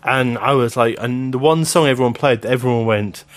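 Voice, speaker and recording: A man's voice: medium pitch, a little fast. A man presenting a radio show, chatting casually and rambling through asides with frequent laughter. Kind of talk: casual on-air banter.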